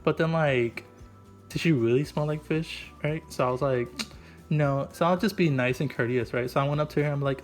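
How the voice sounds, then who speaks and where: A man's voice: fairly high pitch, brisk, faint music behind. A man doing an improvised comic voice-over, rambling and goofy, packing his talk with "like" and "right?". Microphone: voice-over mic.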